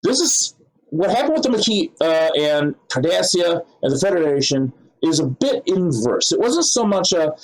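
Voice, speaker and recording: Rambling man with a lively pitch. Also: normal speed, rough recording. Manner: rambling, many fillers and restarts. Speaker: vlogger. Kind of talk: casual monologue.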